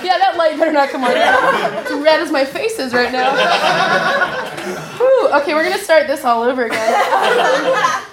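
Giggly high-voiced woman on an echoey stage. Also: expressive, measured pace, long pauses, over a noisy crowd. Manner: bashful, giggly, self-deprecating. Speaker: storyteller. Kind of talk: live personal storytelling. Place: stage before a live audience. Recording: echoey room with audience laughter. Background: audience.

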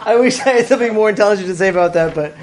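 A man hosting a live storytelling show, halting and fumbling his words, with lots of fillers. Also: high-pitched. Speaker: host. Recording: echoey live venue with loud noise.

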